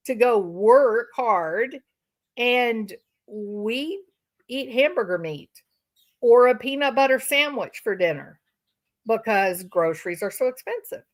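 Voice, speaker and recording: An older woman hosting a commentary channel, answering viewer comments with sarcastic indignation. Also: fairly high pitch. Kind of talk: reaction commentary to live-stream chat.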